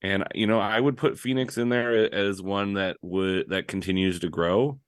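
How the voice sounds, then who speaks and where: A man's voice: lowish voice, steady tone, moderate pace, smooth, dry recording. A man co-hosting a casual soccer podcast, talking through his analysis with lots of "like" and "right?" fillers. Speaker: podcast co-host. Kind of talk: casual sports podcast chat.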